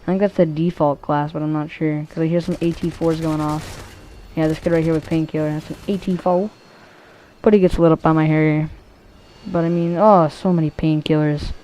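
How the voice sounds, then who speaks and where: A woman with a low, mellow voice talks loosely over her gameplay footage. She rambles in a casual commentary style, swearing freely and filling gaps with ums, likes and restarts. The low pitch and soft, dark tone stay steady throughout. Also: brisk, a little hiss or hum. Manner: rambling, profane, many fillers and restarts.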